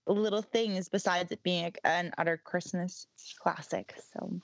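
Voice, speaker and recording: A woman's voice: on the low side, steady tone, measured pace, creaky, no room sound. A woman chatting casually as a podcast co-host, with lots of ums and restarts and easy laughter. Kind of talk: casual chat. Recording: dry, slightly muffled sound.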